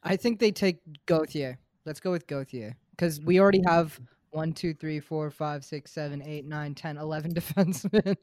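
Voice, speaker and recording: A man chatting casually on a sports podcast, excitable and jokey, often trailing off quietly. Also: on the high side, normal speed, no room sound, studio quality. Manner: excitable, jokey, drifts quiet at line ends. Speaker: podcast co-host.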